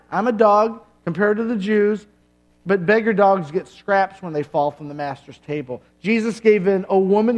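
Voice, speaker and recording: Male pastor, middle-aged, very high voice, punchy sermon delivery with jokes and long pauses. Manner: emphatic preaching with dramatic pauses and humor.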